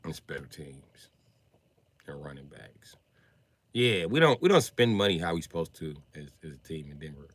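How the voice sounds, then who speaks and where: A man chatting casually on a live stream, ranting with profanity and sudden loud outbursts. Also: extremely low pitch, expressive, normal speed, dry recording.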